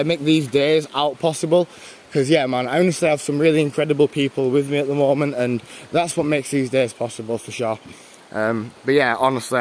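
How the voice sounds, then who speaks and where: There's slight background noise as a young man, his voice a little high and his accent northern English, strolls through a town livestreaming from a handheld phone. He keeps up a rambling, chatty commentary and warmly thanks the people watching.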